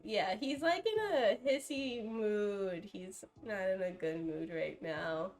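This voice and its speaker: A woman's voice: mid-range voice, takes it slowly, faint music behind. A young woman streaming live from her home kitchen, chatting casually with lots of fillers and giggles. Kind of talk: casual live-stream chat while cooking. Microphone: camera on a tripod.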